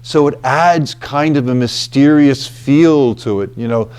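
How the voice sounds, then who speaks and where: A man giving a reflective scripture talk at a retreat house, deliberate and emphatic, often checking in with "okay" and "you know.". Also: mid-range voice, a little mellow, smooth.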